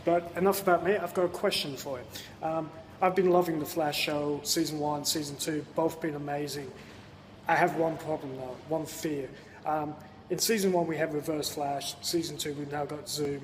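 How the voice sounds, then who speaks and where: Australian man, fan calling in by video; fairly high voice, long room reverb with faint hiss. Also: steady tone, moderate pace. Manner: chatty and upbeat, tired. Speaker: viewer sending a video question. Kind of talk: casual video message.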